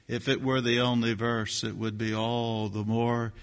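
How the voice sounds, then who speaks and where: An older man preaching a sermon, swinging from hushed, slow lines to loud, shouted ones. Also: medium pitch, flat delivery, in a large hall.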